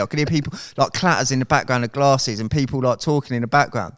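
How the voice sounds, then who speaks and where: A man, a podcast guest, telling a story in casual chat, animated and swearing freely as he goes. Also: mid-range voice, quick pace.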